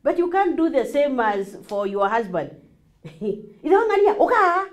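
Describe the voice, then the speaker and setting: Animated Kenyan woman marriage coach. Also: fairly high pitch, a little slow. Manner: animated, acts out examples, mixes in Swahili. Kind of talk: classroom teaching.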